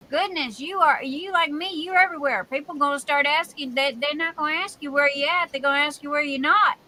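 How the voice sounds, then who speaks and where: A woman's voice: sits high, sharp tone, poor audio. A woman with a Southern US accent hosting a casual live stream, chatty and greeting viewers by name with endearments like "darling.".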